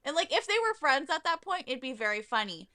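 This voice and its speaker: Podcast co-host, female, lively and profane, bright tone. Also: high-pitched, a little fast. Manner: animated, swears, acts out characters' lines. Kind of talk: casual book chat.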